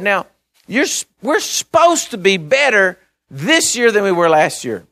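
A man's voice: high voice, very animated, measured pace, bright, forceful tone. A man preaching a conversational sermon who reads scripture aloud and checks in with the congregation in short, earnest bursts with frequent restarts.

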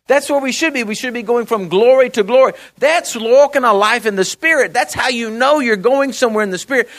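A man's voice: very high-pitched, bright, forceful tone. A man preaching a conversational sermon who reads scripture aloud and checks in with the congregation in short, earnest bursts with frequent restarts.

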